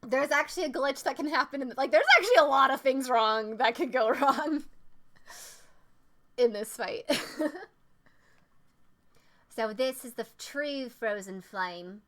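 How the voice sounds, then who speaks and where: A woman live-streaming a game, chatting casually and excitedly with frequent laughs. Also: high voice, unhurried, long pauses. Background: game music.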